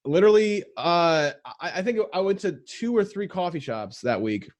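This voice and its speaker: A man's voice: high voice, animated, normal speed. A man hosting a podcast, chatting casually and telling stories with restarts and fillers. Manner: chatty storyteller, restarts and fillers, mimics people he tells about. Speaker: podcast host.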